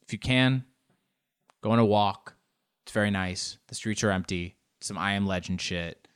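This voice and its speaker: A young man delivering a profane, animated comic monologue, acting out bits in high put-on voices. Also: normal speed, clear, resonant tone. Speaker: comedian. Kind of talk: stand-up style comic monologue.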